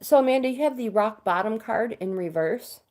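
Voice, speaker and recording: A woman's voice: fairly high pitch, animated, normal speed, darkish tone. Chatty middle-aged woman hosting a livestream. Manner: chatty, reads viewer comments aloud. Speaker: livestream host reading cards for viewers. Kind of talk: casual live chat.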